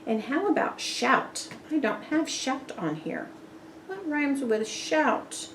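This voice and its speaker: Woman reading to kids, very slow and patient, lively sing-song pitch, quizzes rhymes. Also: a little hiss or hum. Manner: patient, praising, asks questions. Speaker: storybook reader. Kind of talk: children's read-aloud with rhyming quiz.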